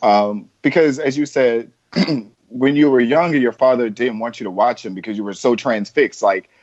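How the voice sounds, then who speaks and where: A man's voice: mid-range voice, moderate pace, darkish tone, no echo. A male host in a casual conversation, earnest and thoughtful as he frames his questions. The audio is dry and dull, with a lo-fi sound. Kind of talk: casual podcast chat.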